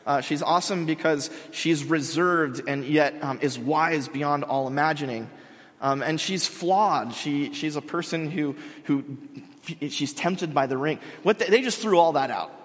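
A male pastor with a fairly high voice preaches in a relaxed, joking, conversational manner. His voice carries a long reverb, as in a large hall. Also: unhurried. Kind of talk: sermon.

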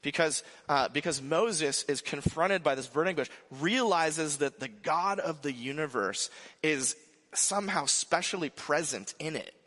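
Animated preacher man in an echoing hall. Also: fairly high pitch, measured pace. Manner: animated, frequent restarts and asides. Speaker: pastor. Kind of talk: conversational sermon. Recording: long hall reverb.

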